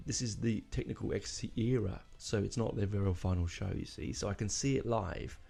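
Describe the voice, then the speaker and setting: A man hosts a solo podcast in a low, gravelly voice. He rambles through his thoughts with fillers and restarts and lets his feelings show. His tone is mellow and dark. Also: a little fast. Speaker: podcast host. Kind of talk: casual solo podcast talk.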